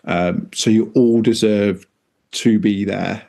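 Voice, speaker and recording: A man's voice: fairly low pitch, fairly even intonation, slow, creaky, warm tone. A man hosting a podcast interview, encouraging and firing off several questions in a row. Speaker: podcast host. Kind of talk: casual interview chat.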